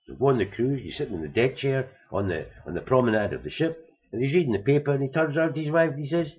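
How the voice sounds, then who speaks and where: A man telling long jokes, building them slowly with repeated phrases, on a dull recording. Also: medium pitch, lively intonation, darkish tone. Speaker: comedian. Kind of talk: stand-up joke telling.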